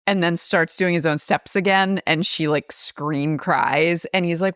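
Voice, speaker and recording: A woman podcast host casually retelling a film's plot, acting out lines of dialogue in a chatty, animated way. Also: on the low side, measured pace, few pauses, dry recording, clean studio sound. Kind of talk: casual film recap.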